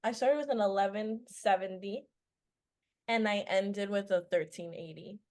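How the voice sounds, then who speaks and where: A teenage girl, a former student and podcast guest, chatting in an animated storytelling way full of fillers. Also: medium pitch, a little slow. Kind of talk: casual interview chat.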